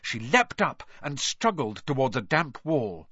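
A man narrates a storybook in an animated, dramatic way, his pitch rising and falling a great deal. The voice sits mid-range for a man, recorded close and dry with a slightly dull tone. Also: unhurried, slightly rough, no echo. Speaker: audiobook narrator.

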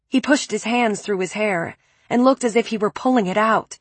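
A woman's voice: mid-range voice, normal speed, slightly rough, no echo. A woman reading a first-person novel aloud with an intense, dramatic delivery. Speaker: audiobook narrator.

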